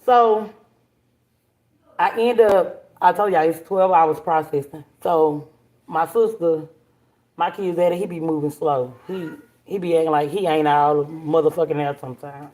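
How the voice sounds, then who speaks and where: Woman hosting a live stream; blunt, animated storyteller who swears freely. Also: deep voice, measured pace. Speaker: livestream host. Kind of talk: casual storytelling to viewers.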